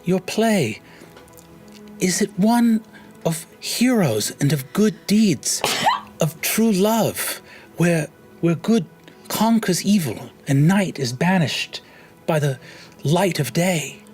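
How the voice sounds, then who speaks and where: A man's voice: high-pitched, animated, slow, long pauses, a little mellow, faint music behind, pitched above the performer's own voice. Man as a grandly polite greyhound knight, flowery speech, a little raised, tabletop game. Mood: eager. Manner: formal, flowery, grandly courteous. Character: courtly, pompous male greyhound knight.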